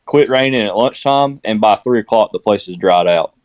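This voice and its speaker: A man's voice: on the low side, moderate pace, a little mellow, no room sound. A man with a Southern US accent, rambling and laid-back as a guest in casual podcast chat.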